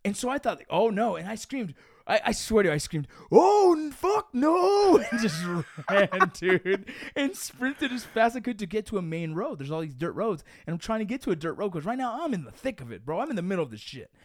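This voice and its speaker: Fast-talking profane young man. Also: sits high, no room sound, studio quality. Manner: profane, animated, says dude and bro. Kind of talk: casual storytelling chat.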